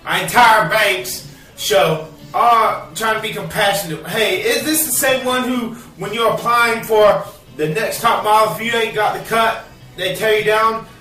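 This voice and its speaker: Foul-mouthed ranting man, bright and high. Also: a little slow, roomy sound, distant mic, soft background music. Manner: profane, bitter, erupts into shouting. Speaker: vlogger. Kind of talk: angry ranting vlog. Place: cluttered home, indoors.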